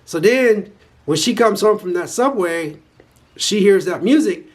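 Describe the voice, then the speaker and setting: A man's voice: sits high, animated, measured pace. A man casually retelling a movie's plot in a rambling way, restarting sentences and using informal grammar. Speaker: movie reviewer.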